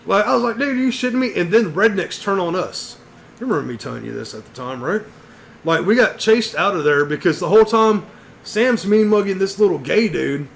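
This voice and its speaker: A man's voice: high-pitched, animated, fairly quick, gravelly, slight background noise. Profane rambling male storyteller. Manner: profane, rambling, says "dude" and "bro" a lot. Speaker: podcast co-host. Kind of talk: casual storytelling chat.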